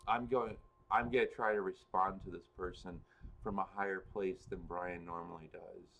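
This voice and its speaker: A man with a fairly low voice talks loosely to his livestream viewers. He rambles, backtracks and restarts his sentences, chuckling now and then. A faint ambient hiss sits behind him. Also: steady tone, moderate pace, creaky, a bit bright. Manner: rambling, self-correcting, chuckles often. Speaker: livestream host and spiritual reader. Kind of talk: casual livestream chat answering viewers.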